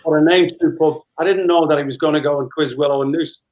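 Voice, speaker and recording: A man's voice: on the high side, fairly even intonation, quick pace, a little mellow, lo-fi sound, a little hiss or hum. A man in his fifties, a guest telling a long casual anecdote and acting out dialogue as he goes. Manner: chatty storyteller, re-enacting dialogue with laughs.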